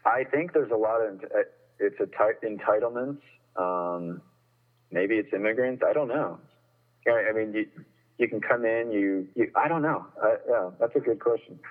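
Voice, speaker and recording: A man's voice: fairly low pitch, normal speed. A man calling in, talking casually and rambling with many restarts as he complains. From Northern California. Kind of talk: casual chat. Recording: tinny phone line.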